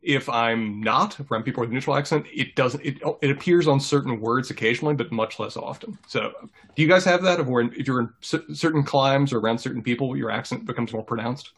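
A man with a slight Southern US accent on some words, speaking in a measured, agreeable way in a casual chat. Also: mid-range voice, fairly bright tone, breathy edge.

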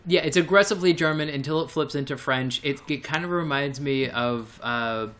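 A man's voice: fairly high pitch, moderate pace, fairly bright tone. A man co-hosting a podcast in casual chat, rambling and hesitant, with frequent fillers and restarts. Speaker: podcast co-host.

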